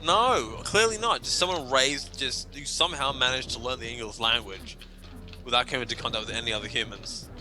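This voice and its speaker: A man's voice: medium pitch, a little fast, over music. A man co-hosting a gaming stream, rambling through jokey anecdotes in casual chat.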